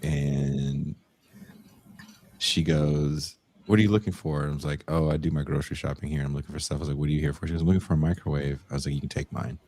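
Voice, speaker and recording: A man's voice: very deep voice, steady tone, fast talker, a little mellow. A young man co-hosting a podcast, telling stories in casual chat, swearing freely and acting out the people in them. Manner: profane, storytelling, mimics people in dialogue. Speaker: podcast co-host.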